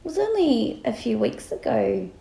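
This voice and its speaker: A woman's voice: a little high, huge pitch swings, moderate pace, gravelly, warm tone, echoey room, rough recording. A woman in her thirties with an Australian accent, co-hosting a casual podcast chat in a chatty, giggly way. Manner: chatty and giggly, with laughing asides. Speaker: podcast co-host.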